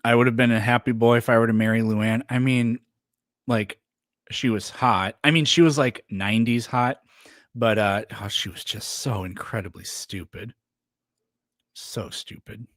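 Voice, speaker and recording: A man's voice: mid-range voice, fairly even intonation, moderate pace, a bit bright, no echo, studio quality. A man chatting casually on a livestream, rambling with lots of fillers and restarts. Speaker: streamer.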